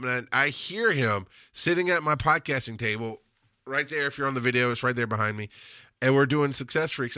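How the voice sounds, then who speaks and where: A man's voice: mid-range voice, bright, forceful tone, no echo, clean studio sound. A man hosting a podcast, talking candidly in a casual monologue, laughing often and swearing freely. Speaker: podcast host.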